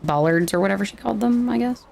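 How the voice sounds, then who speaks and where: A woman speaking as a role-play mayor. Her voice sits at an ordinary middle pitch. She is chatty and laughs often, and at times she shifts into a town hall address. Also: fast, creaky, a little mellow, a little hiss or hum. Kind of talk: casual chat, then town hall address.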